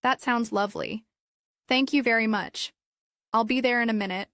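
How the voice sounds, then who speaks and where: A woman's voice: a little high, normal speed, fairly bright tone, no room sound, clean studio sound, natural voice. A woman voicing a polite young woman learning English, speaking carefully in simple phrases.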